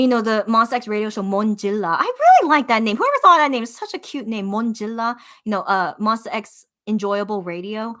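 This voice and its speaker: Chatting with her viewers on a relaxed live stream, a woman with a medium-pitched voice muses aloud, says phrases over to herself, and keeps breaking into giggles.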